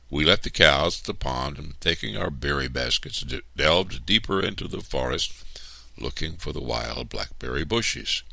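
A man reads a storybook aloud, unhurried and expressive. His voice is very deep and gravelly, yet bright on top, and it swings widely in pitch. The sound is dry and close. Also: no echo.

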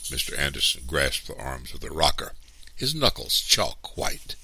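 A man narrating a story in measured, steady audiobook style. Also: a bass voice, husky, dry recording.

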